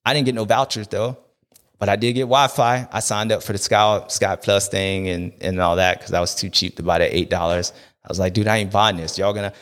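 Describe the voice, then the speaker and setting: A man hosting a race recap show, talking in a loose, slangy, joking rant that rambles from one aside to the next. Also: medium pitch. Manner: animated, rambling, slangy, jokey. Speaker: show host.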